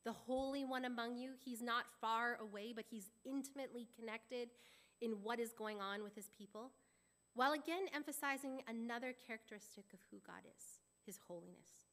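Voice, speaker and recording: A woman pastor preaching with a bright, forceful voice pitched a little high. She walks through scripture in an earnest, expository way, reading verses aloud as she teaches. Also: normal speed. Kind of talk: sermon.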